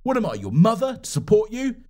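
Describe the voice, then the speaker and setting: A man's voice: high voice, wildly swooping pitch, a little fast, darkish tone, pitched above the performer's own voice. A man voicing a crude, blunt young stranger who talks in a brusque, sarcastic, swearing way. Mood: blunt, mocking.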